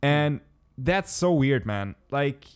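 A man's voice: medium pitch, slow, clear, resonant tone. A young man from Germany, talking casually in English, his second language. He tells stories with energy and acts out the lines of the people he is quoting. He swears freely. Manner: animated storyteller, swears, acts out quotes. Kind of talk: casual chat.

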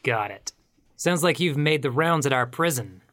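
A man voicing a hardboiled male noir detective who narrates and talks in a wry, deadpan way. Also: medium pitch, moderate pace, natural voice. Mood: dry. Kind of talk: noir audio drama narration.

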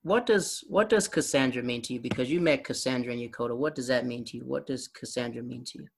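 A man's voice: medium pitch, fast talker, gravelly. A man hosting a podcast, chatting casually and asking teasing questions. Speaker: podcast host. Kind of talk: casual interview chat.

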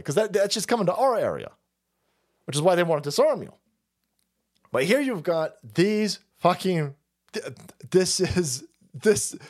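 A middle-aged man streaming an angry, profane political rant. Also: high-pitched.

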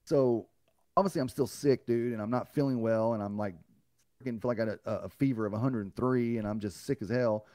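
A man's voice: mid-range voice, brisk, a little mellow, no echo, studio quality. A man guest on a podcast, telling a personal story in a blunt, profane way and acting out what others said to him. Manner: blunt and profane, acts out others' lines in a raised voice.

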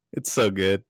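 Giggly, lively woman co-host. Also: high voice, no echo. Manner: giggly, playful. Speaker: podcast co-host. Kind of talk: casual recap chat.

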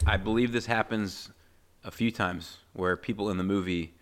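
A man co-hosting a casual movie discussion podcast, explaining in a measured way and slipping in dry, deadpan jokes. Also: lowish voice. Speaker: podcast co-host.

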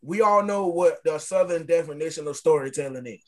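A speaker in a casual group chat, animated and emphatic, often repeating a point. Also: mid-range voice, fairly quick.

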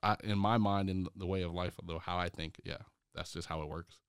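A young adult man chats as a podcast guest, telling stories loosely and acting out what people said to him. He talks in a fairly low voice, heavy with "like" and restarts. The sound is dry and close. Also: a little fast, clean tone, dry recording. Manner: animated, acts out quoted speech, many fillers. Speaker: startup founder as podcast guest. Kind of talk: casual conversational storytelling.

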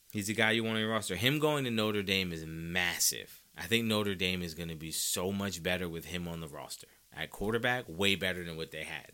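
A man's voice: sits low, bright, forceful tone. A man hosting a sports podcast, giving emphatic, opinionated commentary straight to his listeners.

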